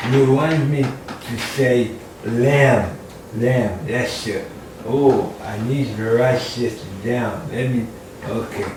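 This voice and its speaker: A man's voice: medium pitch, noisy background. A man doing a playful, mock-confused comedy routine, chatting with an imagined audience. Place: room at home. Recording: distant mic in an echoey room with faint ambience.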